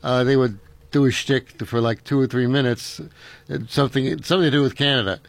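A middle-aged call-in radio host chats casually, wandering through stories and chuckling frequently. His medium-pitched voice is steady in tone, fairly quick, and carries vocal fry; the studio microphone recording is dry.

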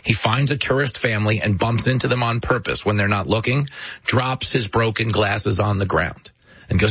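Husky male host, lively delivery, mocking political commentary, dry dull studio sound. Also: on the low side, moderate pace, dry recording. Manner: animated, mocking storyteller. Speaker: show host.

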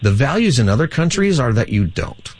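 A man's voice: medium pitch, fairly quick, husky. A man who hosts a radio call-in show as a pastor, explaining his views steadily to callers. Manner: steady, explanatory, reads out the phone number.

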